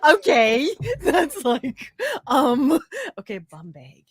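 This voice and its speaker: A woman's voice: high voice, very animated, drawn-out words, husky, no echo, clean studio sound. Giggly woman hosting a live chat. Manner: giggly, laughs often between words. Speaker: host. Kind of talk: casual live-stream chat.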